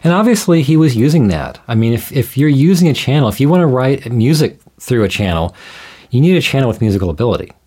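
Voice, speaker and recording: A man explaining ideas in a measured, thoughtful way, often restarting his sentences as he talks things through. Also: medium pitch, sing-song, darkish tone, slightly rough. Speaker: guest scholar. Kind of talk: conversational explanation.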